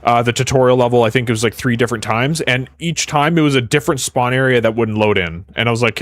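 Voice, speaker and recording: A man's voice: mid-range voice, no room sound. Young Canadian male streamer, casual and rambling, dry close mic. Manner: casual, rambling, quick to joke. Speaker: game dev streamer. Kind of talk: live coding stream chat.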